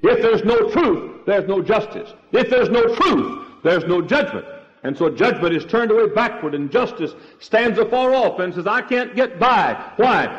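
Older preacher in a 1968 church recording. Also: male voice, sits high, long reverb tail, muffled recording. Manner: emphatic preaching, shouting refrains. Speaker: pastor. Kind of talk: sermon.

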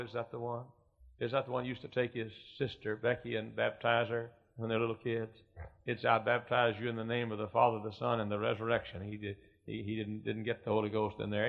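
Folksy preacher, muffled old tape. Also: male voice, medium pitch, creaky. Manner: folksy storytelling that swells into loud preaching. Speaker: pastor. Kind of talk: sermon. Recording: muffled lo-fi recording.

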